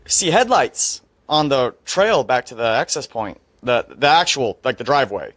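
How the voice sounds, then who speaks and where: A man's voice: medium pitch, very animated, moderate pace, a bit bright, no echo. A young adult man, a podcast guest, telling a story in casual chat, laying it out step by step with dry asides.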